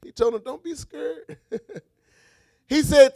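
High-voiced man preaching a sermon. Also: wildly swooping pitch, takes it slowly, pauses often, dry recording, studio quality. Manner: rhythmic call-and-response preaching, swings from shouted refrains to quiet asides.

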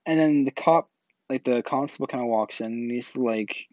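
A man's voice: medium pitch, fairly quick, a little mellow, no room sound. Guy rambling through a story, tons of "like"s, dry dull lo-fi audio. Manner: rambling, full of "like" and restarts. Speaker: vlog host telling a personal story. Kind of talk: casual storytelling. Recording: dull, slightly lo-fi dry recording.

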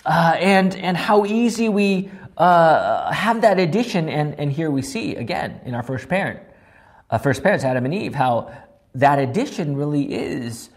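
A pastor preaching a sermon in a loud, animated way, often checking in with the listeners through quick tag questions. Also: mid-range voice. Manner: loud, near-yelling delivery. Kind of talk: sermon with Bible study.

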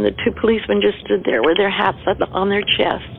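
An older woman, a bereaved mother, recalling her past in a measured storytelling voice, quoting herself and others as she goes. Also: medium pitch, expressive, gravelly, narrow, tinny audio, faint music behind. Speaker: interviewee, mother of a murder victim. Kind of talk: personal recollection.

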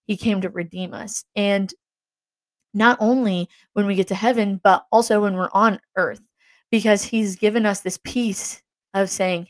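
A woman's voice: mid-range voice, steady tone, a little slow, dry recording. A young woman giving a casual, earnest faith talk, rambling with fillers and restarts. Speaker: Christian vlogger.

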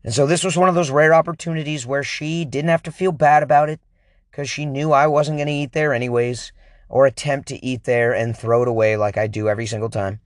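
Exasperated man, mid-pitched, telling a story as a sarcastic rant, dry close sound. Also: fairly even intonation, brisk, dry recording.

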